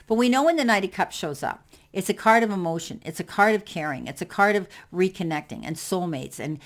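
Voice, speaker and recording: A woman giving a general tarot reading in a reassuring manner, with many fillers and repeated words. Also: low voice. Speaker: tarot reader.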